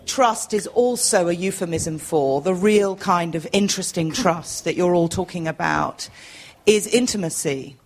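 A woman's voice: on the low side, measured pace. A woman in the audience of a panel discussion, asking a long, reflective question in an articulate way. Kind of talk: question from the floor.

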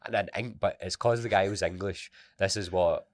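A Scottish man with a low voice chats casually as a podcast co-host. He talks bluntly and teases his friends. His voice sounds dry and close, with no room echo. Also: moderate pace. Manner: teasing, blunt banter. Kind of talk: casual chat.

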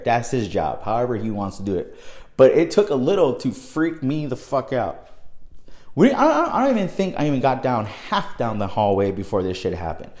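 A young man telling a personal story in a casual, profane, animated way, dropping low and then bursting into loud exclamations. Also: roomy sound.

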